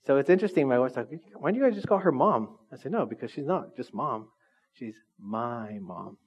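A man preaching a sermon to a congregation in a relaxed, conversational way, often asking the room questions. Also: mid-range voice, quick pace, husky. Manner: conversational, lively, asks the audience questions. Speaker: pastor. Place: church hall with congregation.

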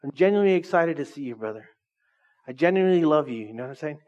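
This pastor's voice runs fairly high and a little mellow; he talks fast and animatedly. He's delivering an informal, conversational sermon to a small church, joking with the people in the pews and speaking to them directly, captured on a dull, lo-fi recording.

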